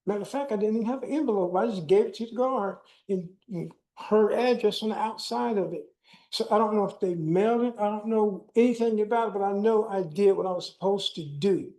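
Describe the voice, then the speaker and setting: Giving a personal-testimony keynote, an older man tells his own story and performs the dialogue as he goes. He speaks a little fast in a high, slightly mellow voice, captured on a low-quality recording.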